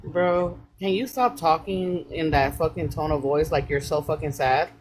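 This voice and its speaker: A woman's voice: deep voice, moderate pace, a little mellow, a little hiss or hum. A woman host who confronts a guest on a live call, swearing and repeating her questions.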